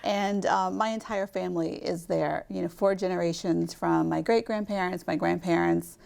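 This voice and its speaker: A woman in her fifties from Kentucky speaks as a guest on a TV interview show, with a softened Southern drawl. Her voice has a gravelly edge and sits a little low. She talks in a measured, reflective way, pausing on little "um"s as she gathers her thoughts. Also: fairly even intonation. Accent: light Southern US drawl. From Louisville, Kentucky. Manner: measured, reflective, with frequent "um" pauses. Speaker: guest, nonprofit chief executive. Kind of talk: TV studio interview.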